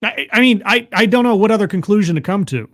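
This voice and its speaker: A man with a notably high speaking voice hosts a livestream, talking back at a video he is watching. His commentary is sarcastic and incredulous. He often stumbles and restarts his words. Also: lively intonation, quick pace, a bit bright. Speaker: livestream host reacting to a video. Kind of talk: casual commentary.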